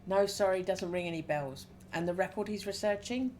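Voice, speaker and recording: A woman's voice: mid-range voice, moderate pace, darkish tone, slight background noise, close to an everyday voice. A woman voicing a jovial middle-aged male biker who runs a record shop, hearty and chatty, in a game read aloud.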